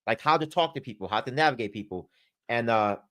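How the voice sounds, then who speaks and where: A man's voice: mid-range voice, lively intonation, quick pace, fairly bright tone. A man telling a long, rambling story on a casual podcast, full of swearing and fillers. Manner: profane, rambling, many fillers. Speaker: podcast guest.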